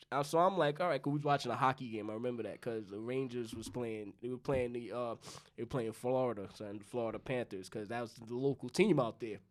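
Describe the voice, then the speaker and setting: A young man from New York tells a long, loose story on a podcast, swearing freely and voicing both himself and the people in it. His pitch sits in the ordinary middle for a man. The talk is relaxed and rambling, among friends. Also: clear, resonant tone. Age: young adult. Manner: loose, profane storytelling, acting out both sides of dialogue. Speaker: podcast co-host. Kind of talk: casual storytelling chat.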